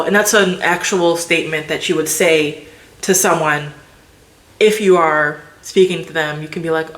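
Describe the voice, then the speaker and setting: A woman's voice: on the low side, a bit bright. A woman vlogger chatting casually to the camera, loose and filler-heavy. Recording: roomy echo.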